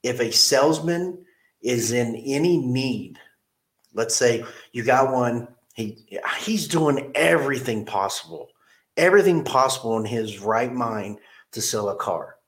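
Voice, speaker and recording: A man's voice: medium pitch, animated, a little slow, fairly bright tone. A middle-aged man, a car dealership manager, telling a personal story in a casual interview, earnest and plain-spoken, repeating his key phrases.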